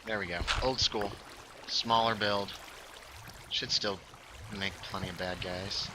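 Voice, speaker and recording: A man's voice: on the low side, steady tone, measured pace, background noise. A man hosting a casual game livestream, joking and reading chat aloud. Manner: jokey, chatty, reads chat aloud. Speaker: livestream host. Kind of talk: casual gaming stream chat.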